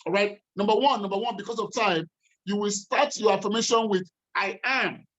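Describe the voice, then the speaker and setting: A man's voice: sits high, fairly even intonation, fairly quick. A man giving a motivational coaching talk, emphatic and repeating his phrases often. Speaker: life coach. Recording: slightly muffled recording.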